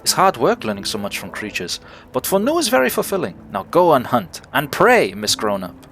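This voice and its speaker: A man's voice: medium pitch, wildly swooping pitch, normal speed, creaky, fairly bright tone, soft background music, heavily acted. A man voicing an eager little female bug creature who talks in broken grammar and calls herself by name.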